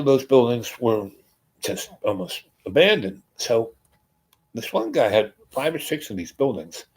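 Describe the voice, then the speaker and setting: A man's voice: mid-range voice, a little mellow, poor audio. Rambling man telling a long story. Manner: rambling, filler-heavy, voices others in quotes. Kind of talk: casual storytelling.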